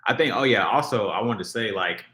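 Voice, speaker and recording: A man's voice: on the low side, expressive, brisk, bright, forceful tone. A man hosting a casual livestream, chatting with viewers in a rambling way, full of fillers and restarts. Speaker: livestream host reacting to music. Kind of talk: casual livestream chat, reading viewer comments. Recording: roomy echo.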